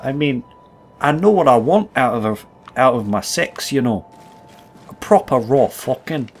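A man's voice: mid-range voice, expressive, a little slow, slight background noise, lightly acted. A man voicing a crude, taunting gamer persona in a put-on accent he admits is not his own, trash-talking through gameplay commentary. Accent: put-on accent he says is not his own. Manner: foul-mouthed, brash trash talk. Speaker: host.

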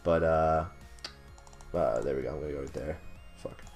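A man's voice: rumbling low, normal speed, gravelly, a little mellow, faint music behind. A young man giving casual, rambling commentary over his own gameplay, swearing often, laughing at himself and bursting out in frustration. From not British. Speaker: gaming commentator.

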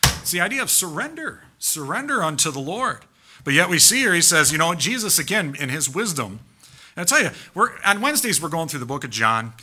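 A man preaching a sermon as pastor in a church, emphatic and animated, firing off rhetorical questions. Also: a little high, brisk, a little hiss or hum. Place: church sanctuary.

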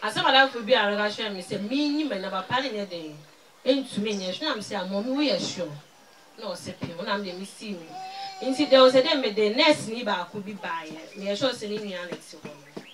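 Ghanaian woman testifier, bright voice, loud-to-soft swings, distant mic. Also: medium pitch, expressive, fairly quick, slight background noise. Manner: mixes Twi and English, swings from loud to very soft. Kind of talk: spoken testimony.

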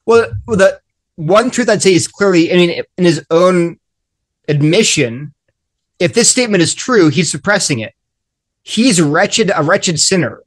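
A middle-aged man with a fairly high voice talks earnestly in a group discussion. He acts out small dialogues as he goes. He often restarts his sentences midway. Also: animated, a little slow. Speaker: guest author. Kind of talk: animated discussion.

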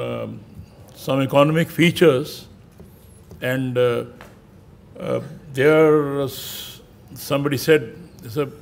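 Middle-aged man giving a convention address. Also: on the high side. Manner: discursive, with many filler pauses and rhetorical questions. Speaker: guest speaker at an academic convention. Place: conference hall with an audience.

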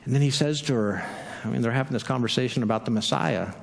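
A male pastor preaching a sermon in a lively, conversational way, acting out the people in his story. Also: medium pitch, fast, vocal fry, big-room sound. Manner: animated, conversational preaching with acted-out quotes. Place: church sanctuary.

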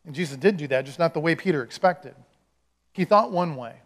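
A man's voice: a little high, expressive, brisk. A man, a pastor, giving a sermon in a conversational storytelling way, acting out the quotes he tells.

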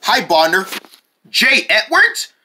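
A blunt cartoon show creator who gets straight to the point, as one performer puts him on. His voice sounds bright and lively. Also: medium pitch, slow pace, full character voice.

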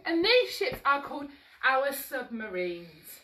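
A woman's voice: sits high, big pitch swings, takes it slowly, fairly bright tone. A woman leading a children's exercise class, sing-song and encouraging, moving as she talks and a bit out of breath. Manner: upbeat, sing-song and encouraging, coaxing little ones along. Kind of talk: live-streamed toddler action-song class. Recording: roomy echo, voice from a distance.

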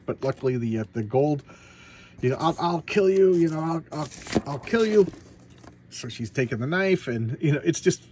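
A man's voice: mid-range voice, a little mellow, a little hiss or hum. A man casually retelling a comic book story in a vlog, rambling with many fillers and restarts. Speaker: comic book collector vlogger.

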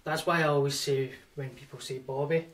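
A man's voice: fairly high pitch, steady tone, fairly quick, fairly bright tone, distant mic. A man hosting a podcast, asking laid-back, jokey questions. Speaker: podcast host. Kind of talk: casual chat.

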